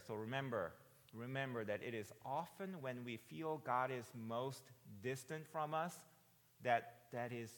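A pastor in his forties preaching a sermon in a conversational way, often asking "right?" and rising to loud, emphatic peaks. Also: medium pitch, big-room sound. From United States. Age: 40s.

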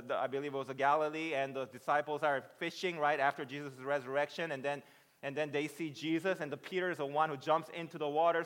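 Animated male preacher in an echoing hall. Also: mid-range voice. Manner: swings from hushed to loud, excited retelling of scripture. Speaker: pastor. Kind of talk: sermon.

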